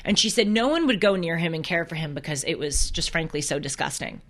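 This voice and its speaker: A woman's voice: low voice, expressive, a little fast, fairly bright tone. A young woman hosting a casual faith talk on camera, telling stories earnestly with small restarts. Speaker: host. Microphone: camera close to her.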